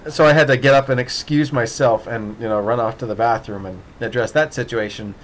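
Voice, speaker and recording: A man's voice: mid-range voice, a little fast. Rambling man telling a story. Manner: rambling, animated, with many restarts and laughs; acts out voices in quoted dialogue. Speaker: podcast host. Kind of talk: casual storytelling monologue.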